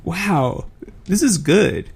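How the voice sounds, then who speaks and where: A man co-hosting a podcast in casual chat, measured and deadpan. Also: high voice, gravelly, slightly rough. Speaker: podcast co-host.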